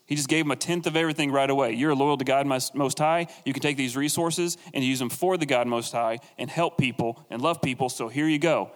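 A man's voice: medium pitch, fairly even intonation, fairly quick, hardly any pauses, long reverb tail. A man teaching a casual, conversational sermon on the Bible, with jokey asides and acted-out quotes.

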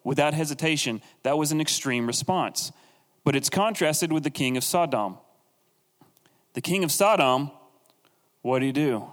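A man's voice: on the high side, expressive, normal speed, long pauses, a bit bright, long reverb tail. A man teaching a casual, conversational sermon on the Bible, with jokey asides and acted-out quotes.

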